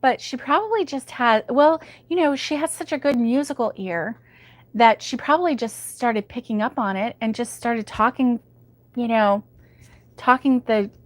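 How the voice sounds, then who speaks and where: Hosting a crochet livestream from home, a woman chats casually, giggly and full of ums as she reads viewer comments aloud. Her pitch is fairly high, and the recording is dry.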